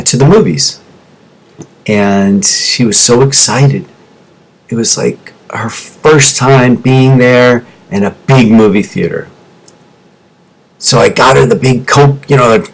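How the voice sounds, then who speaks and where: Over a teleconference microphone with poor audio, a man in his forties, a former music teacher who became a business coach, gives teachers a motivational talk. He tells his story with feeling, dropping low and quiet in the painful parts and rising for emphasis.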